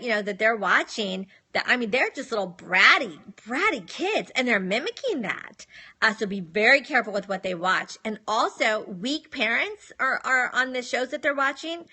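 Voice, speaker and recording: A woman's voice: fairly high pitch, lively intonation, moderate pace, pushed and bright. A middle-aged woman talking casually on a live stream, giving firm, matter-of-fact parenting advice and acting out what she says to her children.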